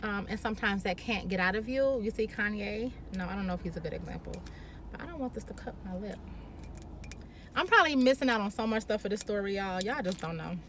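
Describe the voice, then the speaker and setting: Bright, brash woman vlogger. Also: mid-range voice, quick pace, a little hiss or hum. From Chicago. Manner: blunt, profane, animated. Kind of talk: candid storytelling to camera.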